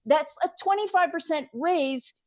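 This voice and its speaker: A woman's voice: very high voice, unhurried. A middle-aged woman, a financial advisor, patiently walking through numbers step by step in an interview. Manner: walks through figures step by step, emphatic. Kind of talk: explanatory interview answer.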